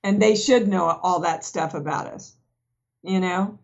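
A woman's voice: lowish voice, a little slow, gravelly, darkish tone, muffled recording. A woman actress talking about films in a casual discussion, candid and frank, telling personal stories. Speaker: guest actress.

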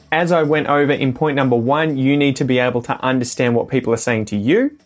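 An Australian man co-hosting an English-learning podcast, explaining pronunciation tips in a clear, steady way. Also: mid-range voice. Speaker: podcast co-host and English teacher. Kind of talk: podcast lesson talk.

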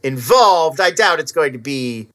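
Lively, opinionated co-host from Southern California, bright tone. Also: medium pitch, unhurried. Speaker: film podcast co-host. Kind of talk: casual chat.

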